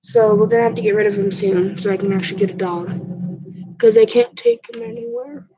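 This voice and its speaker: A woman's voice: mid-range voice, fairly even intonation, brisk, noisy background. A woman vlogger chatting casually to camera, rambling with ums and restarts, stuffed up from a cat allergy. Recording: dull lo-fi recording.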